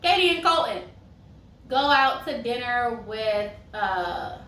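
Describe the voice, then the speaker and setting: A woman's voice: on the high side, animated, takes it slowly, fairly bright tone. A young woman chatting casually as she reviews a reality TV show, sassy and full of tangents. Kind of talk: casual chat. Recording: roomy echo, mic far off, faint hiss.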